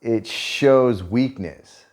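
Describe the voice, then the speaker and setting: A man's voice: mid-range voice, drawn-out words, darkish tone. A man chatting casually on a couple's vlog, joking and sarcastic, swearing freely. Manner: joking, profane, sarcastic asides. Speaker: vlog co-host.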